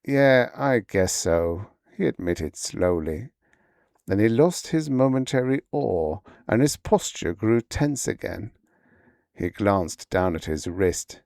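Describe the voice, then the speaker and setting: Brief: male sleep-story narrator, slow and low, wide expressive pitch, dry close mic. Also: vocal fry, dry recording.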